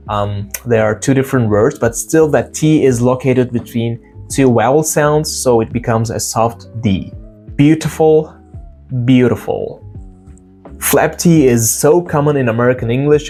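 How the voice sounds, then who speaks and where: A man giving a casual pronunciation lesson, explaining sounds and slowly repeating example words to demonstrate them. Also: medium pitch, a little mellow. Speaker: English pronunciation teacher.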